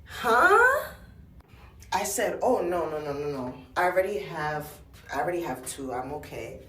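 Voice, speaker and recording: A woman with a lowish voice tells a story casually, acting out each line of dialogue with drama. She sounds a little far from the mic in an echoey room with faint noise. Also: brisk, a little mellow. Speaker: storyteller to camera. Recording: echoey, from some distance.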